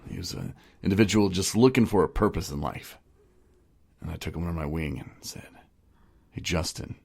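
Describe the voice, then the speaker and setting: A man hosts a casual podcast in a very low voice. He rambles and jokes, circling back and restarting his sentences as he talks. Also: brisk, vocal fry, darkish tone, breathy edge. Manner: rambling, joking, many restarts. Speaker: podcast host.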